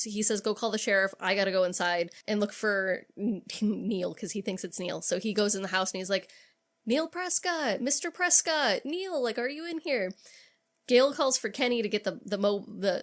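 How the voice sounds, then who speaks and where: A woman co-hosting a podcast, casually retelling a horror movie scene by scene, with frequent swearing and acted-out quotes. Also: mid-range voice. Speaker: podcast co-host. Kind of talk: casual movie recap chat.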